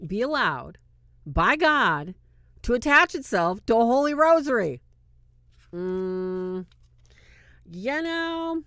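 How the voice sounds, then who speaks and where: A woman hosting a religious film review, talking casually to her viewers and swinging between loud and hushed. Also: fairly high pitch, dry recording. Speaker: host reviewing a film on demonology. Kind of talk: casual faith-based commentary.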